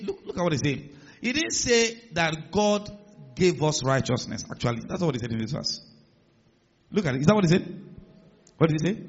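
A male pastor preaching a sermon in a large church hall, emphatic and building to loud declarations. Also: sits high, breathy edge. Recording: muffled sound with long hall reverb.

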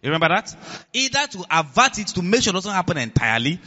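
A man preaching a sermon as pastor, animated, laughing and asking the congregation questions. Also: sits high, fast, dull audio.

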